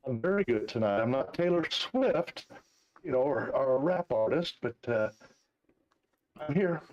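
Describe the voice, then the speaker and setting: An older American man co-commentating a race over voice chat, relaxed and hesitant with fillers. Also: medium pitch, measured pace, dull audio. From United States. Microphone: remote voice chat mic.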